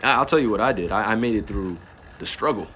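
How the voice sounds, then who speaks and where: A man's voice: on the low side, lively intonation, fast talker, bright, forceful tone, slight background noise. A man in his thirties from New Jersey, ranting on a live stream in casual talk. He fires off emphatic rhetorical questions, swears freely and laughs now and then. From New Jersey, US East Coast. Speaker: livestreamer.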